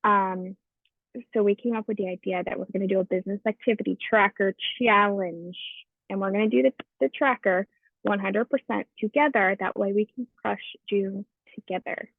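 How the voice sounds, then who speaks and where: A woman's voice: medium pitch, steady tone, normal speed, gravelly, no room sound. A woman hosting a team call, upbeat and encouraging as she introduces her co-leader. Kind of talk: motivational team call talk. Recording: dry, tinny phone-like line.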